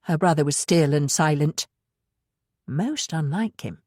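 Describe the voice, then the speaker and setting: Low-voiced woman reading an audiobook. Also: expressive, measured pace, darkish tone, no echo, clean studio sound. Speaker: audiobook narrator. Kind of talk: scripted narration.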